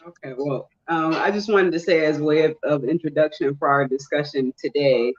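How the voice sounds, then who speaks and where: A man co-hosting a podcast, introducing a topic in measured, explanatory talk. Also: on the high side, muffled recording. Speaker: podcast co-host. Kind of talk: casual discussion.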